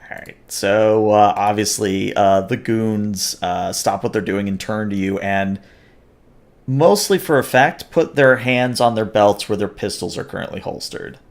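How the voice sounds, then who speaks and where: Low-voiced man running a tabletop game. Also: a little slow. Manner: hesitant, with many filler sounds. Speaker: game master.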